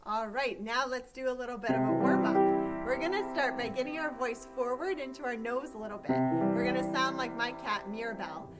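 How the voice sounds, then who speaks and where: A woman teaching a choir, giving calm, step-by-step instructions for breathing and vocal warm-ups. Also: a little high, a little fast, over loud music.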